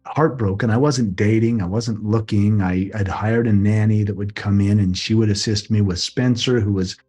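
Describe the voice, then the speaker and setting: A man's voice: on the low side, steady tone, normal speed, a little mellow, breathy edge. A middle-aged man, an interview guest, earnestly recounting a personal experience and acting out remembered conversations. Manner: earnest, acts out remembered dialogue. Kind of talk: personal storytelling.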